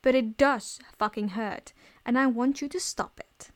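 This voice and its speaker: A woman's voice: fairly high pitch, animated, normal speed. Woman doing a brash swearing teen boy. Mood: defiant. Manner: rude, snapping, swearing. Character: brash foul-mouthed teenage boy thief.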